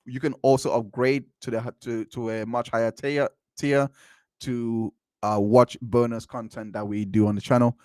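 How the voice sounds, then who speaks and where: A man's voice: mid-range voice, little pitch movement, moderate pace, darkish tone, dry recording. A man hosting a channel, giving casual commentary on court transcripts, often repeating himself and making incredulous asides. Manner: repetitive, restarts phrases, incredulous asides.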